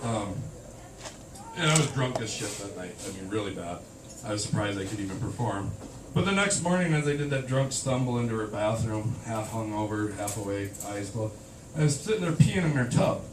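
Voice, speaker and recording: A man's voice: lowish voice, expressive, a little fast. Man doing crude stand-up, far from the mic. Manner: crude, self-deprecating storytelling. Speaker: stand-up comic. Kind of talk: stand-up comedy set. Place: small bar or club stage. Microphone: handheld camera from the audience. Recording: roomy, far-off, noisy camcorder sound. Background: audience laughter.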